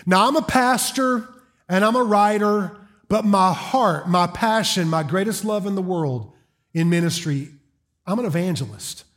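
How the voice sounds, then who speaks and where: Folksy Southern preacher, high voice. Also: male voice, expressive, a little slow, a bit bright. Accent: Southern American. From South Carolina. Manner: folksy, joking storyteller. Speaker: guest preacher. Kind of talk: sermon. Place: church auditorium.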